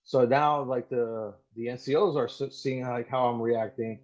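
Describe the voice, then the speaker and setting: A man's voice: mid-range voice, moderate pace. A man in his thirties, an active-duty Marine guest, telling stories in a casual podcast interview, swearing often and leaning on "like" and "dude". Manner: animated storytelling, heavy swearing, lots of "like" and "dude". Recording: muffled, dull audio.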